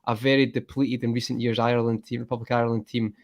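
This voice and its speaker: A man's voice: mid-range voice, level tone, quick pace. A man, a regular panelist, talking candidly in a casual football chat. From Scotland.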